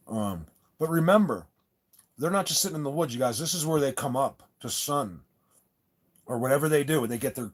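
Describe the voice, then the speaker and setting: A man hosting a casual livestream chat, rambling and insistent, with many restarts and repeated words as he talks to his viewers. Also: medium pitch. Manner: earnest and insistent. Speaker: channel host talking to live chat viewers.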